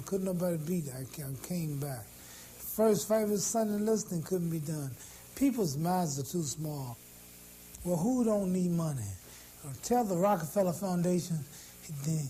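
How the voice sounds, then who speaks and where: A man's voice: sits high, warm tone, a little hiss or hum, rough recording. A man, a boxing champion at a press conference, talking boastfully and answering with rhetorical questions.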